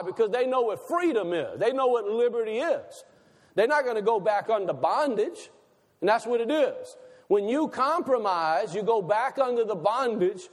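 A man preaching a sermon, asking his listeners questions and slowing down to stress key words. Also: very high voice, big-room sound. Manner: asks the audience questions, slows for emphasis.

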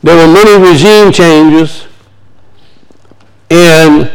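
A man with a strikingly high voice, preaching to his church. He reads a passage of scripture, then drives its point home by repeating key phrases with emphasis. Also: expressive, moderate pace, poor audio. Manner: preaching, reading scripture aloud then expounding with emphatic repetition. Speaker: pastor. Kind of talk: sermon.

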